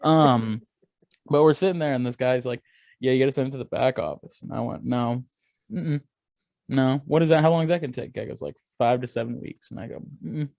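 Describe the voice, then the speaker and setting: A young man on a podcast, telling a story in casual chat, animated and profane, acting out the people he quotes. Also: mid-range voice, fairly quick, creaky, no room sound. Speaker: podcast co-host.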